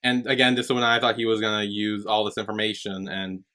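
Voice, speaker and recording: On a podcast he co-hosts, a man casually recaps a TV episode, retelling scenes and quoting the characters' lines with lots of "like" and "um." His voice is lowish and flat in pitch, fast, bright and forceful.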